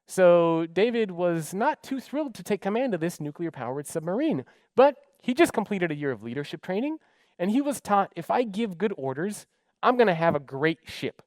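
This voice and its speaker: A keynote speaker with a high-pitched voice talks at a moderate pace, with no echo. He's an animated, dramatic storyteller who acts out the dialogue in his stories.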